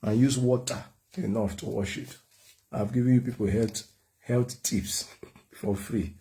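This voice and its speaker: A man's voice: mid-range voice, steady tone, unhurried, warm tone. A Nigerian man preaching a humorous sermon, joking and laughing often. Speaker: prophet and preacher.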